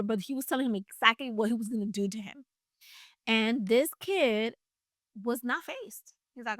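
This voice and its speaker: A woman's voice: a little high, moderate pace, dry recording, studio quality. A woman retelling a Bible story in a casual, chatty way, with playful asides and emphasis.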